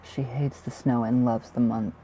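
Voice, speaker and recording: A man's voice: medium pitch, flat delivery, moderate pace, mellow, a little hiss or hum. A man giving live tarot readings on a stream, chatty and reassuring, full of fillers and emotion. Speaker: tarot reader.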